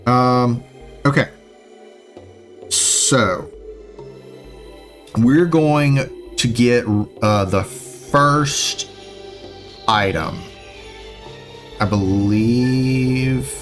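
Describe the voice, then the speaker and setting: A man's voice: mid-range voice, drawn-out words, long pauses, soft background music. A man recording a let's play, casually talking viewers through the route with rambling, self-correcting directions. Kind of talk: casual gameplay commentary, walkthrough guide.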